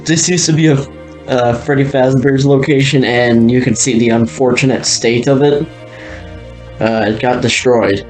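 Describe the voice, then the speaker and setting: A man's voice: mid-range voice, steady tone, normal speed, darkish tone, soft background music. A man giving a casual, rambling walkthrough, laughing often and trailing off mid-sentence. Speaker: video creator touring an old game world.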